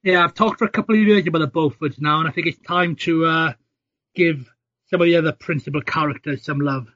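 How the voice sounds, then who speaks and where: A man guest on a podcast, an author talking in a relaxed, self-deprecating way. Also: a little high, brisk, no echo. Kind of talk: podcast interview. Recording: slightly dull audio.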